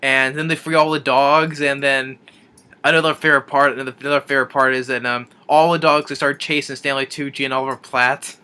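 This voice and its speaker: A man's voice: mid-range voice, level tone, a little fast, pushed and bright, smooth. A man reviewing a film, retelling the plot in a rambling, casual way with many restarts and chuckles.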